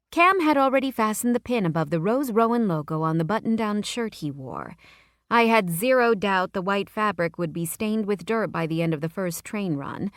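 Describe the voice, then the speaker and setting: A woman's voice: on the low side, no echo. A woman narrating a romance audiobook in the first person, in an intimate storytelling manner. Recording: dry close-miked audiobook.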